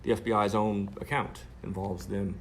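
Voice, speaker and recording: A man's voice: lowish voice, level tone, normal speed, slight background noise. A man telling a story to camera in a sardonic, rambling way, with many fillers.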